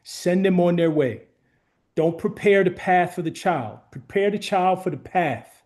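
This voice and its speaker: A man's voice: sits high, unhurried, darkish tone. A man in his forties, a guest speaker giving a heartfelt motivational talk with earnest, emphatic repetition. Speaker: guest speaker, former runner.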